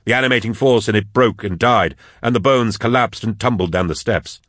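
A man reading an action audiobook in a steady, dramatic scripted narration. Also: on the low side, brisk, no echo, studio quality.

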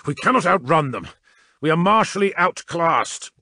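Man playing a grim, growling soldier captain, forceful and gruff. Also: medium pitch, animated, normal speed, no room sound, studio quality. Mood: angry. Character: grim, angry male warrior captain.

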